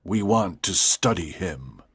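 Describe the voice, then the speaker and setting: A woman voicing a commanding male alien leader who speaks with a strange, deep, husky voice, in a storybook reading for English learners. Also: expressive, takes it slowly, no room sound, clean studio sound, exaggerated voice.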